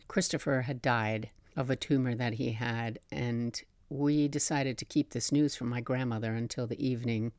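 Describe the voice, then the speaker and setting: A woman's voice: very deep voice, darkish tone, no room sound. A middle-aged woman hosting a podcast, telling personal travel stories in a chatty way with frequent laughs and asides. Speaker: podcast host. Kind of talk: personal travel memoir storytelling.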